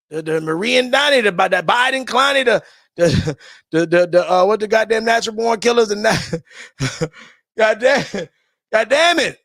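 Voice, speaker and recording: High-voiced man ranting profanely. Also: vocal fry, fairly bright tone, dry recording, clean studio sound. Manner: profane, rambling, repeats words when starting sentences; chuckles often while talking. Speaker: livestream host. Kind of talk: casual livestream rant.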